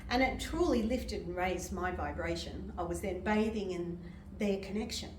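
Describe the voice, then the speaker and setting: An older woman, a medium and reverend, gives a sermon with personal testimony in a gentle, emotional way and laughs often. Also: medium pitch, moderate pace, slight background noise. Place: church hall. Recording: echoey hall from far off.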